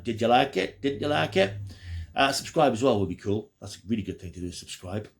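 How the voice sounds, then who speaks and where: A man's voice: on the low side, expressive, fairly quick, gravelly. A man giving a chatty, rambling, enthusiastic spoken review as a video host. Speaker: YouTube reviewer.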